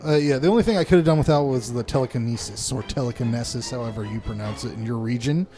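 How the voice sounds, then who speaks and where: A man's voice: medium pitch, racing, mellow, faint music behind. A man co-hosting a horror movie review podcast, chatting casually, laughing often and swearing freely. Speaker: podcast co-host.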